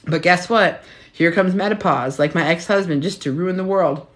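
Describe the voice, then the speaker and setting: A woman's voice: lowish voice, moderate pace. A woman in her fifties, a weight loss coach, giving a casual motivational talk in a blunt, profane, preachy way, often tagging on "right?". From United States.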